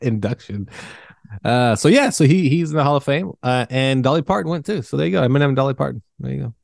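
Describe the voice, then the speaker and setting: A man's voice: mid-range voice, expressive, fast talker, creaky, dry recording, clean studio sound. A young adult man co-hosting a casual podcast chat, laid-back and rambling, swearing now and then. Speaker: podcast co-host.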